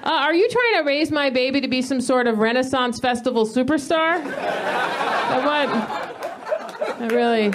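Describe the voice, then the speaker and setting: Woman comic in her thirties, stand-up set, higher voice, animated storyteller who flares into mock rants. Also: measured pace, a crowd in the background, background noise. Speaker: stand-up comedian. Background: audience laughter.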